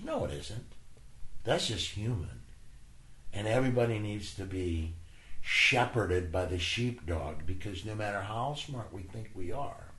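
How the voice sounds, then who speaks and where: A man with a fairly low voice tells animated stories in an interview, bursting into laughter and slipping into other people's voices. The room is echoey, with a faint hiss behind him. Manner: animated storyteller, laughs often, acts out voices. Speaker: guest. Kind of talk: anecdotal interview talk.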